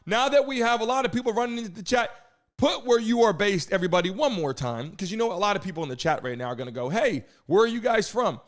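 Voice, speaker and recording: A man hosting a live stream, hyping the chat, shouting out viewers and talking loosely with some swearing. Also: sits high, fast talker. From United States.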